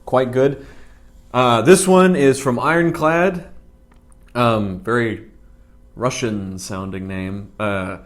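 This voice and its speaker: A man's voice: medium pitch, slow pace, long pauses. Man, casual food-review vlogger, dry rambling humor, mid-range voice.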